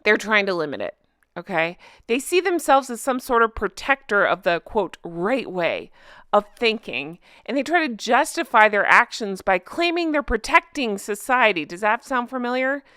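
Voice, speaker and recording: Heated middle-aged woman ranting on her vlog, kinda high voice, super dry sound. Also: big pitch swings, moderate pace, bright, forceful tone, no echo. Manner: reads viewer comments aloud. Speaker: commentary channel host. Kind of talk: opinionated commentary vlog.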